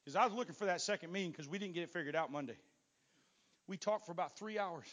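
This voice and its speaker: A man's voice: sits high, expressive, fast talker, a bit bright. A pastor telling his testimony from the pulpit to a congregation, in a folksy, storytelling manner that stumbles into repeated words. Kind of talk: sermon testimony.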